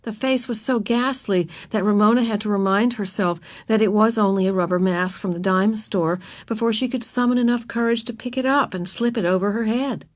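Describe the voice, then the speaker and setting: Expressive woman reading a storybook. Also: medium pitch, a little fast, few pauses, dry recording. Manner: expressive, voices the characters. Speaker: narrator. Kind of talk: reading a children's book aloud.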